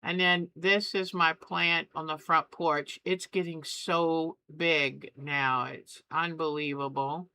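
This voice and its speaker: A woman's voice: deep voice, steady tone, slow, hardly any pauses, sharp tone, no echo. A middle-aged woman hosting a quilting channel, chatting and gushing as she shows family photos. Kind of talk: casual chat while showing photos.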